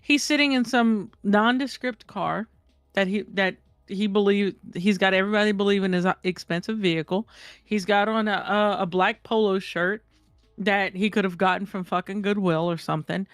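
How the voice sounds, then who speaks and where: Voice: mid-range voice, normal speed, fairly bright tone, no echo, clean studio sound, faint music behind. A speaker in a casual online voice chat who makes points emphatically and swears often. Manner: emphatic, profane. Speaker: voice chat participant. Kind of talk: casual discussion.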